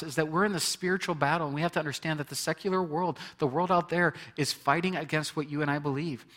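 A man's voice: fairly high pitch, fairly bright tone. Conversational male pastor preaching. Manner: conversational preaching, reading scripture aloud with frequent restarts. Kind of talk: sermon.

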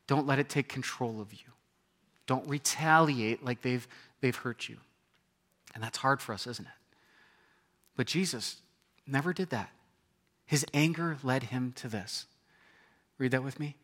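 A man preaching a sermon, animated, acting out voices and swinging from loud exclamations to hushed, quiet lines. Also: on the high side. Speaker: pastor. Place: church.

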